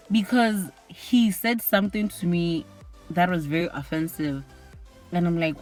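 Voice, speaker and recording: A young woman vlogger speaks to camera in a low voice at a moderate pace, telling a personal story. She sounds candid and exasperated and says "like" often, with soft music playing in the background.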